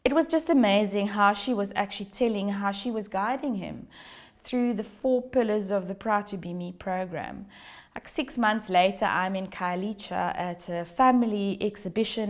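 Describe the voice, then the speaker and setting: A woman tells a story to an audience. She talks in an animated way and acts out what people said to her, sometimes dropping to a whisper. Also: medium pitch. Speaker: program founder giving a talk. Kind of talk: storytelling talk.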